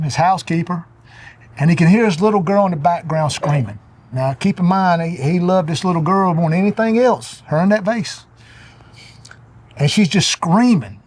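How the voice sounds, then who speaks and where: Middle-aged man, preacherly storyteller, high voice. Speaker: show regular giving a motivational talk. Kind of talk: parable-style motivational talk.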